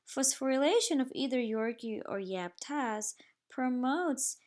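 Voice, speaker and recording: A woman giving a recorded slide lecture in a measured, explanatory way. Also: high voice, lively intonation, a little mellow.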